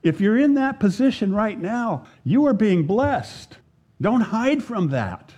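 Man, pastor, sermon, earnest, very slow delivery, dramatic pauses, mellow voice. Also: high voice, very animated, husky. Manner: earnest, slow preaching with dramatic pauses and emphatic scripture readings.

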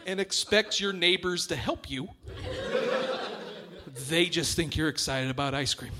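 This stand-up comic is a man with a high, giggly voice who speaks a little slowly, breaking into his own lines while bantering with the crowd. It's a noisy live recording from a comedy club stage, audience laughter behind him.

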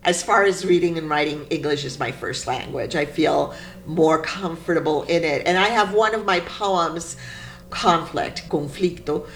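A woman poet being interviewed, telling stories in an animated, emphatic way. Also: deep voice, unhurried. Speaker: poet guest. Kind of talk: interview conversation.

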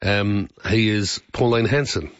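A man hosting breakfast radio, relaxed and joking. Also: fairly low pitch, measured pace, no echo, muffled recording. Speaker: radio host.

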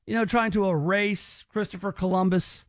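A man's voice: sits high, steady tone, normal speed, no room sound. A man hosting a call-in radio show, rambling and teasing with lots of restarts. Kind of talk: joking call-in radio banter.

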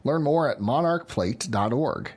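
Man, lively pitch, slightly husky, scripted sponsor read. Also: a little slow. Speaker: sponsor announcer.

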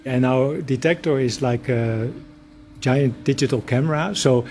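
A man who is a particle physicist, giving careful, measured explanations. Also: mid-range voice, a little mellow, a little hiss or hum.

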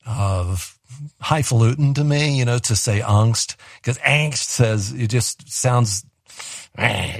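A man hosts a call-in radio show in a relaxed, chatty way and tosses in chuckling asides. His voice sits at an ordinary middle pitch. It sounds dry and close, with no room around it. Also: no room sound. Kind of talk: casual call-in radio talk.

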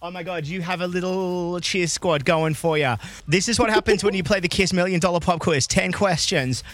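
High-voiced energetic radio host. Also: male voice, no echo. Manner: energetic, quick, teasing. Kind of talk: upbeat radio quiz hosting.

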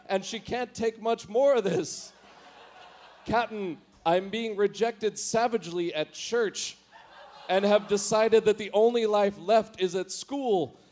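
A man's voice: sits high, darkish tone, pitched above the performer's own voice. A man doing a panicked starship officer. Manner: urgent, rising alarm. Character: panicked male starship officer calling his captain.

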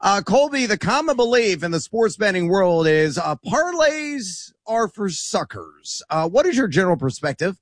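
A man's voice: high-pitched, very animated, moderate pace, hardly any pauses, dry recording, clean studio sound. A man co-hosting a radio sports betting show, playful and teasing. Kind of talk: casual radio sports talk.

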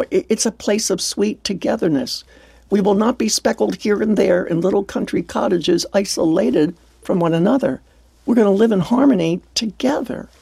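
Gravelly, husky older woman radio host. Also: medium pitch, no room sound. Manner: warm, earnest, exclaiming with wonder. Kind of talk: heartfelt devotional radio talk.

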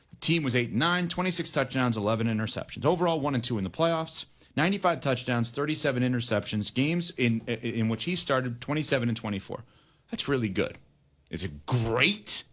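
A man's voice: medium pitch, a bit bright. A man hosting a sports talk radio show, arguing his points emphatically and weighing both sides.

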